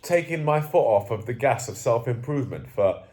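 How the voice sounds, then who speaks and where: Speaking at a moderate pace with lively intonation and a darkish, medium-pitched voice, a young self-improvement coach sits at home indoors and records a candid vlog on a camera facing him. He's groggy, sneezes and coughs, and rambles with free swearing and self-deprecation.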